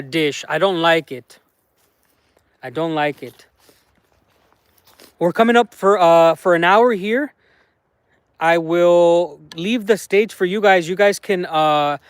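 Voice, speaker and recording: High-voiced man chatting on a livestream. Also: clean tone, no room sound. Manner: relaxed, rambling, many fillers. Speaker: livestream host. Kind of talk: casual livestream chat.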